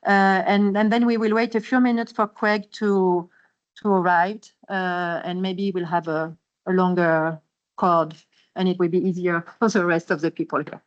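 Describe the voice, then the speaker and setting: A woman from France with a French accent, introducing colleagues at the start of a hybrid meeting in a halting, friendly way. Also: lowish voice, little pitch movement. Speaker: staff member introducing a meeting. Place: meeting room. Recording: muffled meeting-room recording.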